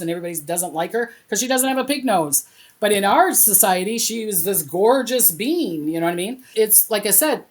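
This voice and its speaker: Middle-aged woman guest, slightly low voice, lively storyteller who acts out quotes. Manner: animated, acts out quoted dialogue with lively pitch jumps. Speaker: interview guest, spiritual reader. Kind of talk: casual conversational storytelling.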